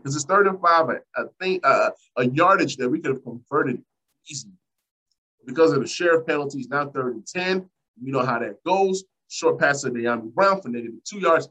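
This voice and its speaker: A man hosting a solo sports podcast, recapping a game play by play in an animated, exasperated way and repeating phrases for emphasis. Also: mid-range voice, husky, rough recording. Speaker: podcast host and fan.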